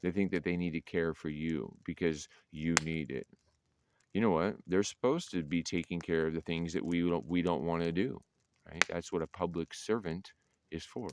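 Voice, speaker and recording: A man's voice: low-pitched, moderate pace, noisy background. A middle-aged man telling a story to camera in a blunt, profane, defiant way. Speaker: veteran vlogger. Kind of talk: casual monologue to camera.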